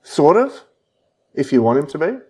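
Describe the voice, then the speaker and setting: A man's voice: fairly high pitch, sing-song, normal speed, mellow, breathy edge. Teasing man co-hosting a podcast. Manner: teasing, playful banter. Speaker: podcast co-host. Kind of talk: casual book chat.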